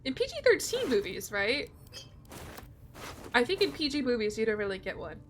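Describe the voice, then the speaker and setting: A woman's voice: on the high side, big pitch swings, normal speed, a little hiss or hum. A young woman streaming a game, chatting casually with her viewers and swearing freely. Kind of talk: casual gameplay commentary.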